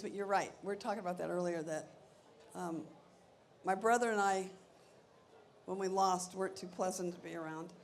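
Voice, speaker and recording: An older woman sits for an on-stage interview, sharing stories from her life. Her voice has a gravelly edge, and she acts out the people she quotes with lively energy. A faint background hum sits under the voice. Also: mid-range voice. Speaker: interview guest. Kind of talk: anecdotal storytelling on stage.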